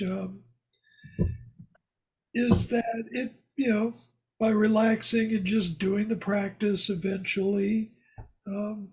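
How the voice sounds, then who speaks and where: A man's voice: sits high, vocal fry, slightly rough. A man telling a story in a casual group discussion over a video call, rambling and laughing as he talks. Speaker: course participant.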